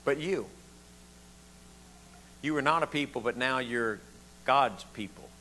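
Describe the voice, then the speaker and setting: A man's voice: medium pitch, unhurried, bright, forceful tone, a little hiss or hum. An older man from the southern United States with a Southern accent, preaching a conversational sermon and asking the congregation questions. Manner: folksy, asks the room questions, repeats words often. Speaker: pastor.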